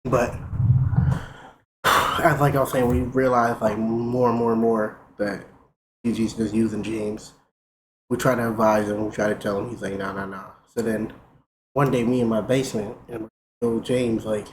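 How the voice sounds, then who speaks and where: A young man streaming, casually telling a profane, animated story. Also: lowish voice, normal speed, long pauses. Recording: roomy with faint noise.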